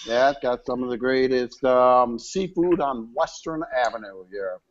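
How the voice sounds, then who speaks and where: A man's voice: mid-range voice, moderate pace, lo-fi sound, a loud crowd. A man co-hosting a casual beer live stream from a restaurant, rambling with many fillers over an online call. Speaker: live show co-host.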